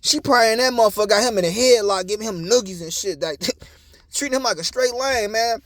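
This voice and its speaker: A man's voice: high voice, fast, a bit bright, no echo. A young man, talking in a blunt, profane, preachy casual monologue. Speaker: commentator.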